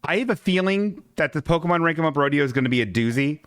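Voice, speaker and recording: A man hosting a casual livestream podcast, reading a comic strip aloud with halting restarts and swearing asides. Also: a little high, animated, fairly bright tone, smooth, dry recording, studio quality. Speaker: podcast host.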